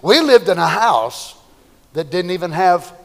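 An older man preaching a sermon, swinging between loud shouting and quiet storytelling. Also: high voice, sing-song, unhurried, creaky, long reverb tail. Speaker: pastor.

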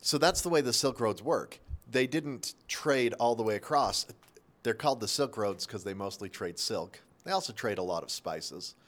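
A man's voice: fairly low pitch, expressive, normal speed, a bit bright. A male teacher giving a short, casual history lesson, talking conversationally with asides and self-corrections. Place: local area near Salt Lake.

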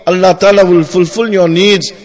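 Male preacher, high voice, Friday sermon, muffled recording with long reverb. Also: steady tone. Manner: repeats "my dear brothers" and asks "huh?" to the audience; recites Arabic verses fast, then translates.

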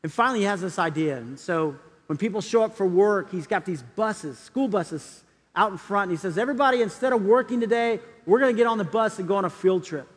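Pastor guy with a high voice telling a story then pushing his point hard, big echoey hall. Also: lively intonation, a little fast, slightly rough. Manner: storytelling, acting out quoted voices, building to urgent appeals. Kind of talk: sermon.

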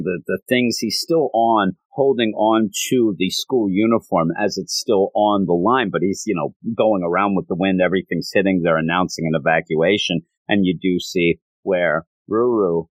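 Low-voiced man rambling through a recap. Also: no echo. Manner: rambling, chuckles while retelling. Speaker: anime recapper. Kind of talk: casual episode recap.

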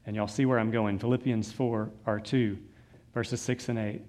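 A man's voice: lowish voice, flat delivery, normal speed, a little mellow. A man preaching a sermon, reading scripture aloud and adding loose conversational asides. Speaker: pastor.

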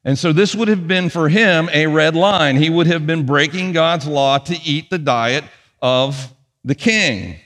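A man preaching a sermon as pastor, with punchy emphasis that drops to quiet asides. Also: a little high, unhurried, big-room sound. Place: church sanctuary.

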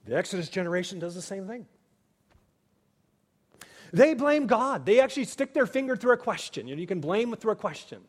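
A pastor, a man, preaches a sermon in earnest, dropping to near-hushed tones and then rising to emphatic points. His voice sits a bit high for a man. A long reverb trails his words, as in a large sanctuary. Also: big pitch swings, brisk, pauses often, slightly rough.

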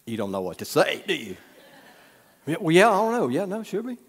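A man's voice: on the high side, wildly swooping pitch, brisk, husky. Male pastor, conversational sermon, asks the congregation questions, long hall reverb. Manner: conversational, teasing the audience with questions. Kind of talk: sermon with storytelling.

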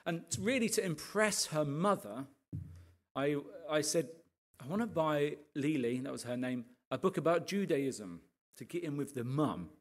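Animated pastor telling his testimony. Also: fairly high pitch, normal speed. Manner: animated storytelling, rising to impassioned rants with frequent asides to the audience. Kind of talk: sermon testimony.

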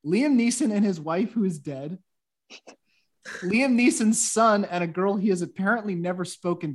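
A man hosting a podcast in casual chat, upbeat and prompting his guests with quick questions. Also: high-pitched. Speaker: podcast host.

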